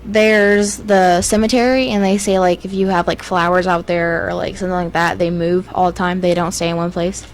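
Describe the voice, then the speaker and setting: A woman's voice: on the low side, steady tone, moderate pace, hardly any pauses, slight background noise, poor audio. A woman co-hosting a casual podcast, telling ghost stories in a loose, chatty way with lots of fillers. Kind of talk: casual chat.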